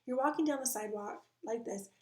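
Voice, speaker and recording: A woman's voice: on the high side, quick pace, warm tone. A middle-aged woman telling funny stories to the camera from home in a casual stand-up style, laughing at her own jokes. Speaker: comedian.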